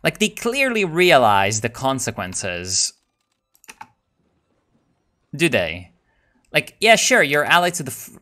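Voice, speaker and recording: A young man giving casual, profane commentary while playing a strategy game, excitable and musing aloud with fillers and laughs. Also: medium pitch. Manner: swears a lot, excitable, jokey.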